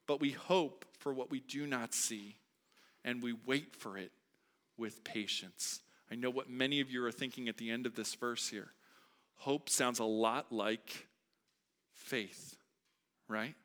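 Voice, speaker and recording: A man preaching a sermon as a pastor, moving between quiet reflection and loud, emphatic delivery. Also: medium pitch, measured pace. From United States. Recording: long hall reverb.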